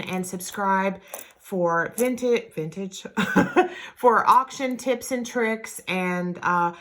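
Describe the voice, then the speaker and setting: A woman's voice: medium pitch, a bit bright. A middle-aged woman, chatting candidly through a jewelry unboxing vlog with lots of fillers and asides. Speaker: jewelry reseller vlogger.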